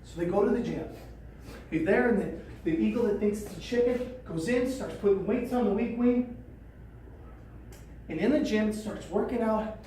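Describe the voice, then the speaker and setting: A woman trainer telling a story at a training session, animated and repeating phrases. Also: medium pitch, normal speed, pauses often, slight background noise. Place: training room. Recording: echoey room from a distance.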